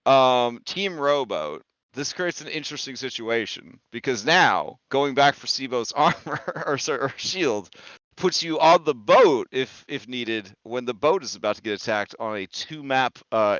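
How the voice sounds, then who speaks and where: A man's voice: medium pitch, lively intonation, measured pace, a bit bright, no room sound. Casual, laughing male game master. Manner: casual, laughing, filler-heavy narration. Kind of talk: narrating a tabletop game. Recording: slightly dull lo-fi audio. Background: faint background music.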